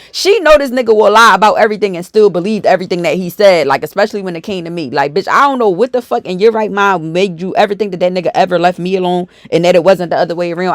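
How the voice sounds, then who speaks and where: A woman's voice: mid-range voice, dry recording, clean studio sound. A woman YouTuber, delivering a profane, confrontational storytime rant.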